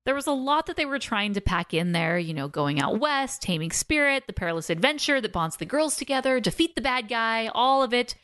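A woman's voice: on the high side, a little fast, few pauses. Chatty woman reviewing films. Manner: chatty, laughing often, animated asides. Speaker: podcast co-host, film reviewer. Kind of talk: casual film review chat.

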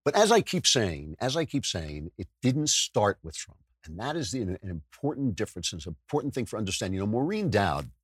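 Animated sarcastic male podcast host. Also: lowish voice, fairly quick, few pauses, breathy edge, dry recording, studio quality. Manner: animated, sarcastic, mimics voices; many restarts and self-corrections. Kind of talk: political commentary monologue.

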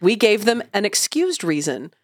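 A woman's voice: medium pitch, very animated, normal speed, no echo, clean studio sound. A middle-aged woman co-hosting a parenting podcast, speaking frankly and reflectively in casual chat.

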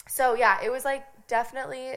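A young woman from Nebraska telling a lively story on a podcast, laughing often and filling her talk with "like". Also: high-pitched, noisy background. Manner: animated, giggly, lots of "like" fillers. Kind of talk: casual storytelling chat.

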